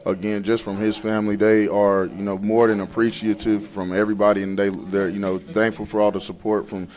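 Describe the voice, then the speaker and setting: A man, a high school football coach speaking earnestly with many fillers. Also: little pitch movement, fairly quick, darkish tone. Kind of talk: casual interview.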